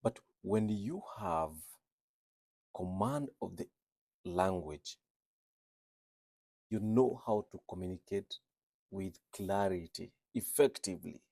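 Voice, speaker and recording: Gravelly, husky man, earnest and low. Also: slow pace, long pauses, warm tone, no echo. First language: not English. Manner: earnest, repeats phrases for emphasis. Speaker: registered nurse. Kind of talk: reflective talk on speaking with an accent.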